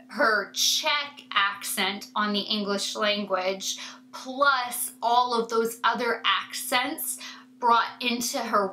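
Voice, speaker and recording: She speaks in an unhurried, meandering way with a slightly high, bright and forceful tone. Her casual chat to viewers rambles, full of fillers and asides. A faint hum sits under the recording. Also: rough recording. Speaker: beauty vlogger.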